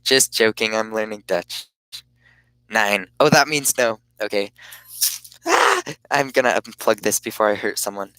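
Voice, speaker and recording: A man casually chatting on his live stream, rambling in a halting way and often cutting himself off mid-thought. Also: on the low side, sharp tone, no echo, rough recording. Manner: rambling, halting, self-interrupting.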